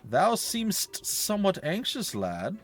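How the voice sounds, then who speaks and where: A devoted old knight, as a man puts him on, slow and formal, talking in old-fashioned phrases with a pitch that rises and falls a lot. he sounds protective and steady, like someone reading game lines out loud. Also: faint music behind, full character voice. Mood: solemn. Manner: archaic formal speech, slow and stately. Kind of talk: reading game dialogue aloud.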